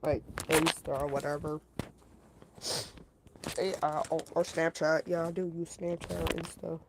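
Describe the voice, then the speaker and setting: A woman with a deep voice tells a story to her stream chat, addressing the chat between parts of it. She speaks unhurriedly in a level tone, rambling, repeating herself and filling in with fillers, with background noise present.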